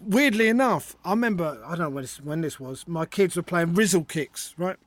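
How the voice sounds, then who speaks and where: Brief: man, 50s, high-pitched, dry close sound, chatty guest who acts out stories. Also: brisk, no room sound. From North London, England. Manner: animated storyteller, acts out voices. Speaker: guest author and comedian. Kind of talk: casual chat.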